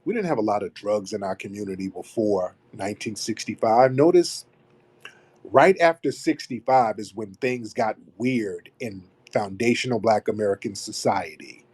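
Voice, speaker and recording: A man with a husky, somewhat low voice holds forth in a long monologue to a live audio room. He is emphatic, drives home his points by repeating key phrases like a refrain, and slows down to lean on names. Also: darkish tone.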